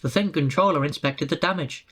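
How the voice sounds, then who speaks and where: A narrator reading a children's railway storybook aloud in a brisk, clear way. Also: mid-range voice, fairly bright tone.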